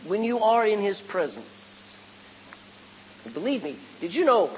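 A male preacher delivering a lively, conversational sermon that swings between loud emphasis and hushed tones. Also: high voice, a little slow. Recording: dull, echoey hall with faint hum.

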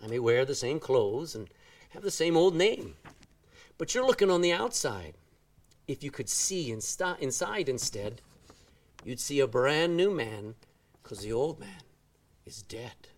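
A man from Texas with a Texan accent, preaching a sermon in a folksy, animated way and drawing out words for emphasis. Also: mid-range voice, measured pace, pauses often, far from the mic. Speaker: pastor. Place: church.

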